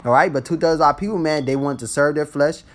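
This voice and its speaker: Speaking fast in a higher register, a man teaches scripture in a blunt, casual street style, capping nearly every phrase with "man." When he exhorts, he gets blunt and profane.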